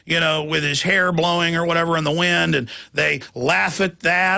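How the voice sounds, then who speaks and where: A fired-up man hosting live talk radio, his voice high and gravelly with a sharp, forceful edge. He rants with mounting outrage and mocks his opponents, mimicking their laughter. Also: normal speed, few pauses. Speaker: radio talk show host.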